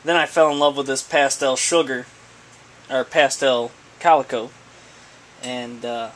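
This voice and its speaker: A man's voice: medium pitch, fairly even intonation, measured pace, a bit bright, a little hiss or hum, low-quality recording. A man chatting casually while unboxing, rambling and stammering with many hesitations as he talks about breeding snakes.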